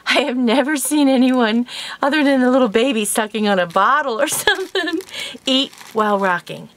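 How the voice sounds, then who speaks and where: A woman's voice: high voice, animated, normal speed, fairly bright tone, no echo. A woman in her sixties telling a rambling home story in a casual vlog, chatty and laughing often, then showing off a gift. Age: 60s. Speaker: vlogger.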